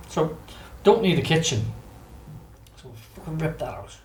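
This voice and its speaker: Animated Scouse man telling a story. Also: on the high side, moderate pace, reverberant, slight background noise, poor audio. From Liverpool, England. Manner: animated, laughs often, acts out quotes, swears freely. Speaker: guest storyteller. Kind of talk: casual anecdote telling.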